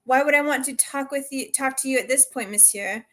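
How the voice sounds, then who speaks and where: A woman's voice: high-pitched, fairly quick, lightly acted. A woman reading aloud the lines of a defiant young heroine who speaks bluntly and warily. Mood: wary.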